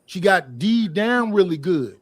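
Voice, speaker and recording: High-pitched man arguing with emphasis. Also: animated, measured pace, soft background music. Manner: emphatic, provocative, teasing. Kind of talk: casual podcast debate.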